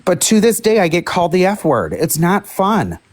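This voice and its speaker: A man in casual live stream chat, speaking frankly in a measured, reflective way. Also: high-pitched, very animated, no echo.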